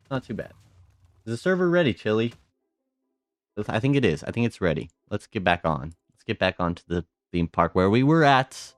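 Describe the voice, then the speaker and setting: A man giving live gameplay commentary as a streamer, excitable, repeating short phrases and exclaiming often. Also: fairly low pitch, no echo, studio quality. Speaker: game streamer.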